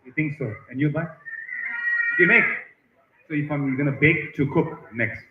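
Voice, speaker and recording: A man hosting at a festival tent, chatting with and teasing visitors in a lively way. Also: fairly high pitch, normal speed. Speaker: event host interviewing visitors. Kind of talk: roving live-stream banter. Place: busy outdoor festival tent. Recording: echoey, muffled stream audio with crowd noise.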